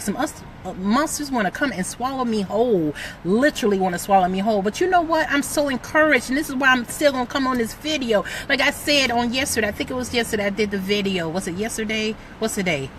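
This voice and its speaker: Middle-aged woman, motivational vlogger, bright and fairly high, emphatic and chatty. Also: a little hiss or hum. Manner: excitable, emphatic, preachy, lots of "like". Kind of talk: motivational talk to camera.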